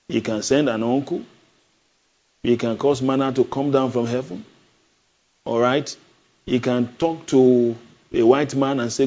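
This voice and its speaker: A man's voice: mid-range voice, darkish tone. A male preacher, delivering a sermon emphatically, asking the congregation questions and repeating key phrases. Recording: dull lo-fi sound.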